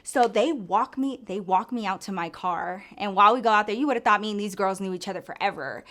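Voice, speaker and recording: A woman's voice: mid-range voice, a little fast, fairly bright tone. A young adult woman telling a story from her own life in a casual storytime, chatty and profane, leaning hard on "like". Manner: chatty and profane, heavy use of "like". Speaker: storyteller vlogger.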